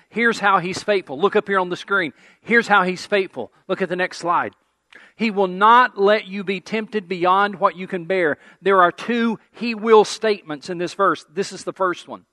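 A male pastor preaching a sermon, repeating key phrases and slowing down to stress scripture, and leading the congregation in call-and-response. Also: fairly high pitch, sharp tone, no echo.

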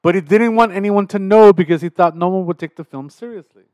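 A chatty man hosting a podcast, teasing his co-host while reading out film trivia. His voice sits a little high for a man, and the sound is close and dry with no room echo. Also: fast, a little mellow. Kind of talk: casual chat.

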